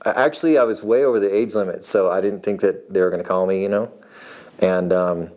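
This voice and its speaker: A man's voice: sits low, a little fast, a little mellow. A man in his forties from Nevada, telling his own story in a rambling, laid-back way. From Nevada, USA. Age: 40s. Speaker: reality show applicant, farrier. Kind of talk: casual personal storytelling.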